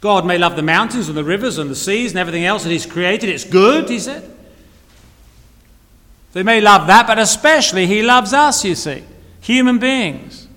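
A man's voice: high-pitched, expressive, normal speed, sharp tone. A man preaching a sermon, earnest, repeating key phrases and asking rhetorical questions. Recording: long reverb of a hall.

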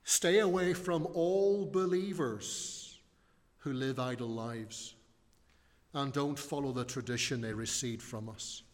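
A man preaching a sermon in an earnest, measured way, reading scripture and leaning hard on key words. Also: mid-range voice, big-room sound. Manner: earnest, measured preaching with slow emphatic stresses.

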